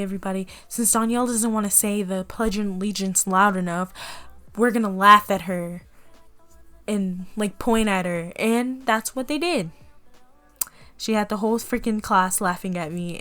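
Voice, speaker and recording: A young woman casually telling a personal story to the camera, animated and often laughing as she acts out what people said. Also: medium pitch. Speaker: vlogger.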